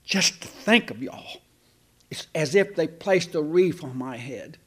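A man preaching a sermon in a folksy, animated way, with sarcastic asides to the congregation. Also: on the high side, measured pace, slightly rough. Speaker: pastor.

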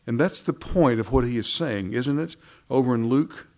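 A man's voice: medium pitch, normal speed, hardly any pauses, darkish tone. A man preaching into a microphone, reading scripture and talking in a conversational, wry way full of rhetorical questions. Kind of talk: sermon.

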